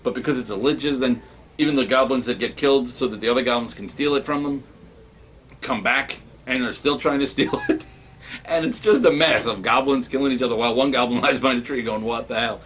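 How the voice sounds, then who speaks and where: A man giving a casual spoken review of comics, excitable and rambling, with many restarts. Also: mid-range voice, brisk, a little hiss or hum.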